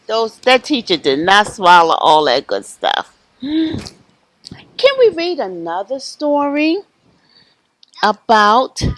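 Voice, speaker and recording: A woman librarian reading picture books aloud to children outdoors in a park, animated and singsong, gasping and prompting the kids to join in. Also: fairly high pitch, slow pace, long pauses, low-quality recording. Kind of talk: storytime read-aloud for kids.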